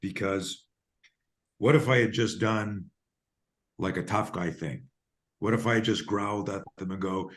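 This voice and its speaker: Deep-voiced emphatic man. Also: moderate pace. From Canada. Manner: emphatic, animated storyteller. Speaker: guest, self-defense coach. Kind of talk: podcast interview storytelling.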